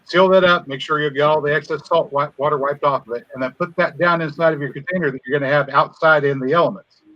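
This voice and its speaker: A man's voice: fairly high pitch, steady tone, fast, no echo, highs cut off. A man in casual live chat, explaining things step by step with a dry sense of humor.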